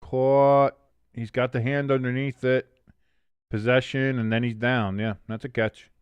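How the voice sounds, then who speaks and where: A man's voice: medium pitch, level tone, measured pace, clear, resonant tone, no room sound, highs cut off. A young man casually commenting on a football game live for a stream, reading chat aloud and swearing freely. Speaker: watch-along streamer.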